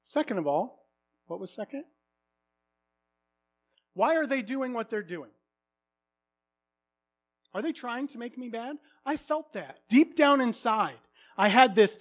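Earnest high-voiced male preacher. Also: animated, unhurried, pauses often. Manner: earnest, swings from hushed to loud exclamations. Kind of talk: sermon.

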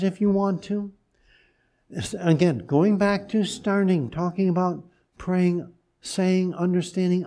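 A man preaching a sermon as pastor, speaking gently and deliberately with pauses and restarts. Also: high voice.

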